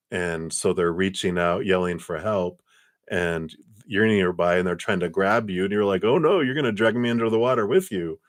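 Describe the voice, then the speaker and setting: Low-voiced man giving rambling card readings. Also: no echo, studio quality. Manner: rambling and reassuring, many "you know"s. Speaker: card reader. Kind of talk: live-stream card reading.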